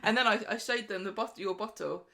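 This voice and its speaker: A woman's voice: mid-range voice, a little fast, creaky, sharp tone. A woman co-hosting a podcast, chatting casually with teasing banter. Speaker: podcast co-host. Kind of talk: casual chat.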